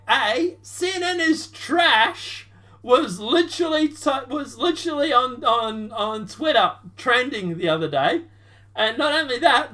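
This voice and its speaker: A woman's voice: high-pitched, a bit bright. A woman giving casual, sarcastic reaction commentary on a political debate, rambling with restarts. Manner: sarcastic, rambling, with restarts and mock-quoted voices.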